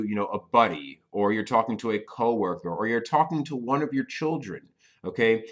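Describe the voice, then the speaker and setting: Patient male teacher, frequent "okay?". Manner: stresses key words with sudden loud, high emphasis. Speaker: Spanish teacher. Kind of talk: recorded language lesson.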